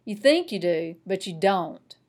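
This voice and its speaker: A woman voicing an angry, sulky young boy in a children's storybook reading, speaking loud and raised. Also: lowish voice, big pitch swings, measured pace.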